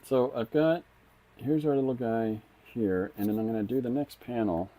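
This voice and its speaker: A middle-aged man with a mid-range, dark-toned voice streams himself drawing comics, speaking at a moderate pace. He chats casually and thinks aloud, frequently restarting his sentences.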